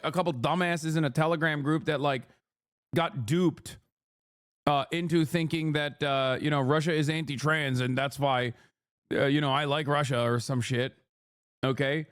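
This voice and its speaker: A man's voice: a little high, normal speed, fairly bright tone. Profane, heated male streamer. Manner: profane, heated, sarcastic, laughs often. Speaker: streamer reacting to videos. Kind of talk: casual reaction commentary.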